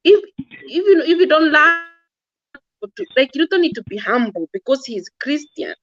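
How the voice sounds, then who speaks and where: A woman's voice: high-pitched, lively intonation, normal speed, fairly bright tone, no echo, highs cut off. A woman giving impassioned religious-political commentary, earnest and scolding, often repeating and stumbling over words. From Kenya.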